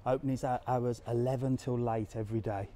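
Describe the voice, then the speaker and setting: A chatty man walking outdoors through resort streets, talking into a phone held in his hand. His voice is mellow and relaxed, and faint street noise runs underneath. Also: medium pitch, brisk. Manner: chatty, points things out, answers live comments. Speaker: travel vlogger on a live walk. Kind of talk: casual live walking chat.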